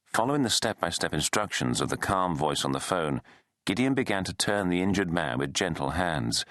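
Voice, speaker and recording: A man narrating a thriller audiobook in a measured storytelling way. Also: low voice, a bit bright, no room sound, clean studio sound. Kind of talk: scripted narration.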